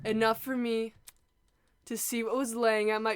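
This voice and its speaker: A woman's voice: fairly high pitch, flat delivery, moderate pace, pauses often, smooth. A woman playing a murder-mystery game, reading narration aloud and breaking into shrieking emotional reactions. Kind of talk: let's play commentary with read-aloud narration.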